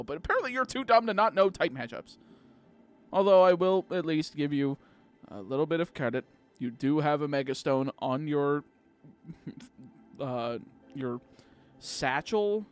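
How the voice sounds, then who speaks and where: Tipsy, rambling gaming streamer man. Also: a little high. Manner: rambling, joking and crude. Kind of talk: casual livestream chat while playing.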